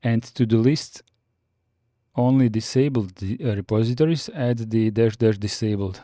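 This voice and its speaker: Man, mellow voice, steady explanatory live-stream lesson, frequent fillers, dry close mic. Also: mid-range voice, measured pace, no echo. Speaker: Linux course host. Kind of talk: live-streamed lesson, reading notes and chatting with viewers.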